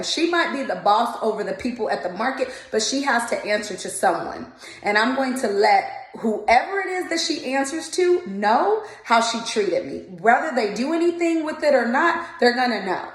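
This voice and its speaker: A woman vents to camera in an indignant storytime rant, acting out what each person said. Her voice sits fairly high. The room gives it a noticeable echo. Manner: indignant, retells dialogue in quoted voices. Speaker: vlogger, mobile candle vendor.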